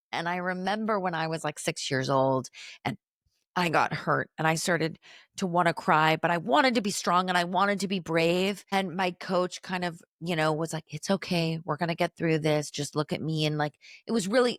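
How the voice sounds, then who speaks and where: A woman in her thirties hosts her podcast alone in a candid, chatty monologue, sprinkling in filler words. Her voice sits low for a woman. The sound is dry and close with no room echo. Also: fairly bright tone. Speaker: podcast host. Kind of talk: personal reflective monologue.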